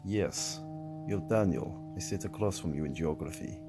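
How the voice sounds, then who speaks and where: A man's voice: deep voice, normal speed, over music. A man voicing a wary young male exchange student who speaks with a thick accent, hesitant and clipped.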